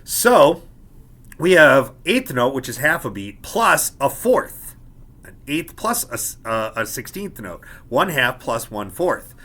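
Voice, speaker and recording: A man's voice: medium pitch, very animated, slow pace, a bit bright. A man teaching a beginner music lesson, explaining each step patiently and checking in with "okay?" as he goes.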